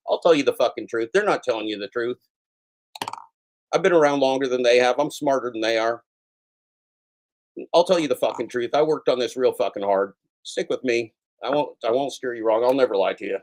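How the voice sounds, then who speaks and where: A man hosting a daily show in a casual, profane rant, swinging between yelling and soft apologies. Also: medium pitch, fairly quick.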